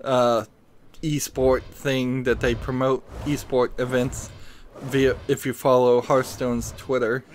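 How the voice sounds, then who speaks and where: A man's voice: mid-range voice, level tone, slow pace, slight background noise. A man streaming a card game who has just woken up and still has his morning voice, rambling hesitantly as he thinks aloud in casual commentary. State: groggy morning voice, just woke up.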